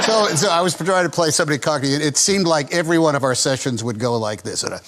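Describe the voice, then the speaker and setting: A man's voice: fairly high pitch, expressive, a little fast. A man on a talk show, telling a playful anecdote and acting out the people he quotes. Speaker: guest actor. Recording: loud noisy studio recording.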